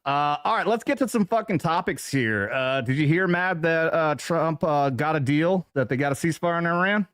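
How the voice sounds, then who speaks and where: A man, a veteran co-hosting a podcast, talking in casual profane chat with frequent halting restarts. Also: a little high, expressive, fairly bright tone, smooth, dry recording, clean studio sound. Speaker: co-host, veteran.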